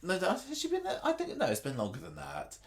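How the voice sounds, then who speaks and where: A man's voice: high voice, wildly swooping pitch, fast talker. A man co-hosting a casual podcast chat, rambling with frequent restarts and chuckles. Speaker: podcast co-host. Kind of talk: casual chat about a soap opera.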